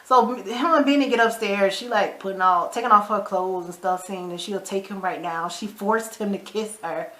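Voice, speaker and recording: A woman, casually recapping a TV episode in an animated way, acting out the characters' lines and adding her own side comments. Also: medium pitch, normal speed, few pauses, reverberant. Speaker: show recap vlogger.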